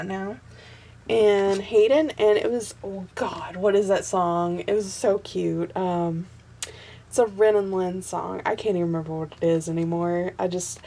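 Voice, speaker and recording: A young woman, hoarse from allergies and short on sleep, rambling with ums and giggles as she flips through her sketchbook. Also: medium pitch, dark tone, a little hiss or hum. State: stuffy and losing her voice from allergies. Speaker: artist showing her sketchbook. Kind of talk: casual sketchbook flip-through vlog.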